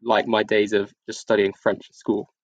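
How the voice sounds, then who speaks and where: A man's voice: on the low side, completely flat delivery, normal speed, no room sound, dull audio. A man co-hosting a podcast, telling rambling school anecdotes with frequent giggles. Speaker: podcast co-host. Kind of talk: casual chat.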